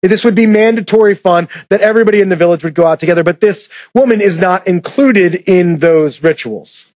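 A man's voice: high-pitched, brisk, darkish tone, no room sound, low-quality recording. A male pastor giving a sermon in a conversational way, asking rhetorical questions and retelling scripture in plain words.

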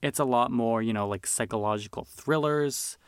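A man's voice: medium pitch, moderate pace, clean tone, no room sound, studio quality. A man hosting a film podcast, talking casually and enthusiastically with lots of fillers. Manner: chatty, enthusiastic, filler-heavy. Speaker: podcast host reviewing films. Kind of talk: casual chat.

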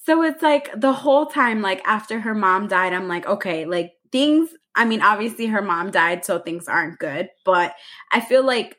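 A woman's voice: mid-range voice, animated, moderate pace, a bit bright. A woman co-hosting a book podcast, chatting casually and rambling with lots of fillers. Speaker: podcast co-host.

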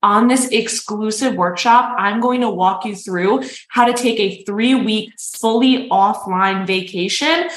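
Woman reading a promo in an echoey room. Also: medium pitch. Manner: upbeat, salesy, brisk. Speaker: podcast host. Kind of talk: scripted promo read. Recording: roomy echo.

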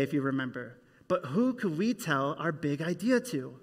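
Man, children's minister, animated storytelling, high and bright voice, long hall echo. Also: normal speed. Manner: animated, leads kids in call-and-response. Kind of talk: children's Bible story with group actions. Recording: echoey hall.

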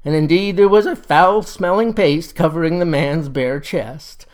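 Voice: mid-range voice, unhurried. A storyteller narrating a folksy tale in a wry, leisurely way. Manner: wry, leisurely yarn-spinning.

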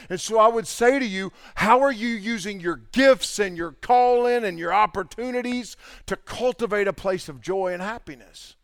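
Clean studio sound with no room tone captures a high-pitched man preaching a conversational sermon. He tells animated anecdotes, acting out everyday dialogues and imitating the people in them to make his point.

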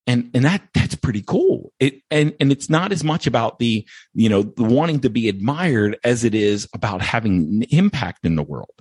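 A man's voice: medium pitch, big pitch swings, normal speed, hardly any pauses, a little mellow, husky, dry recording. A man hosting a podcast, talking earnestly and emotionally, repeating phrases as he thanks his listeners. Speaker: podcast host. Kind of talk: heartfelt podcast monologue.

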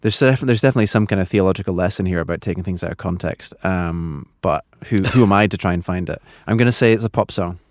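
Animated, self-mocking low-voiced man. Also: quick pace, few pauses, no room sound, studio quality. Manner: animated, self-deprecating, laughs and groans often. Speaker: podcast co-host and quiz contestant. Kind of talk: casual chat.

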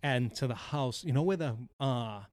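A man co-hosting a podcast, telling a golf story in casual chat, animated and profane, acting out what people said. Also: medium pitch, moderate pace, no echo. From Wisconsin. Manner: animated, profane, acts out quotes. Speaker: podcast co-host.

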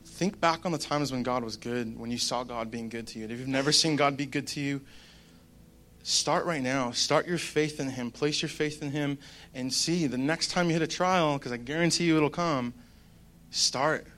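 A man's voice: mid-range voice, normal speed, fairly bright tone. A young man giving a casual devotional talk, rambling and conversational with plenty of fillers. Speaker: Christian speaker.

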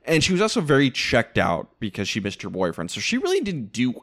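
A man's voice: mid-range voice, wildly swooping pitch, fairly quick, a bit bright. A man co-hosting a casual podcast, recapping a reality show with blunt, opinionated asides. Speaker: podcast co-host.

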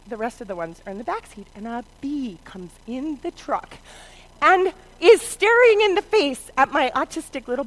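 Brief: middle-aged woman storyteller, bright high voice, dramatic shouts and hushed asides. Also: low-quality recording. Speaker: mother telling a story. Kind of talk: animated personal storytelling.

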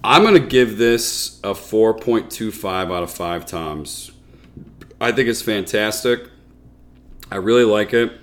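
A man's voice: on the low side, expressive, a little slow, fairly bright tone. Laid-back man co-hosting a beer podcast. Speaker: podcast co-host. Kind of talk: casual beer-tasting chat.

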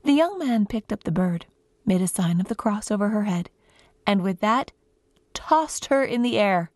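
A woman guest storyteller telling a folk tale to children in an expressive, lilting way, close to the mic. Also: medium pitch, normal speed, no room sound.

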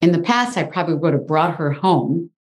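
A woman guest in an interview, telling a personal story in a lively, exclaiming way. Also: low voice, brisk. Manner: animated, exclaims often.

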